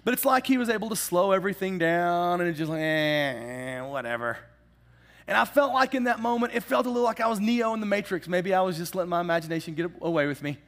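A man preaching a sermon in a casual, animated storytelling way, with humorous asides. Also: sits high, fast talker, few pauses. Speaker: pastor.

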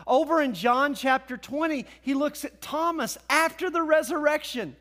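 A man's voice: very high-pitched, normal speed, pushed and bright. A man preaching a sermon as pastor, in a conversational style, acting out the voices of biblical figures.

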